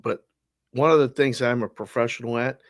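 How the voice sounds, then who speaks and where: In a casual podcast chat, a male co-host is blunt and cracks crude jokes. His medium-pitched voice has fairly even intonation and a normal pace, captured in a dry, studio-quality recording.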